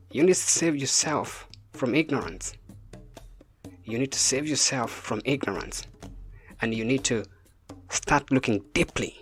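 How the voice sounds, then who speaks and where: Casting: African man, spiritual teacher, preachy, presses the point with repeated rhetorical questions, soft music underneath. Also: mid-range voice. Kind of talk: impassioned spoken message.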